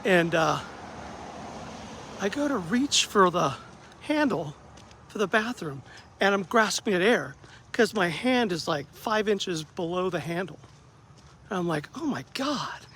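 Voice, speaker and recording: A man who works as a therapist, telling a story about his bad day in a casual vlog, acting out the dialogue with lively ups and downs. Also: sits high, unhurried, long pauses, a little hiss or hum. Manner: animated, acts out quoted dialogue, self-deprecating.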